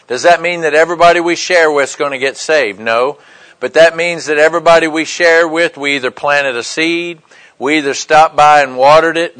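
Male preacher, a touch high in pitch, emphatic and conversational. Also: fairly bright tone, low-quality recording. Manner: conversational preaching with frequent "right?" and "okay" check-ins. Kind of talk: sermon.

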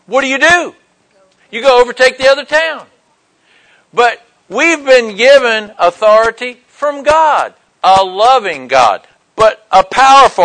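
A man's voice: extremely high pitch, pushed and bright, low-quality recording. A middle-aged man preaching a sermon, telling stories and acting out the quoted lines. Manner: storytelling with acted-out quotes.

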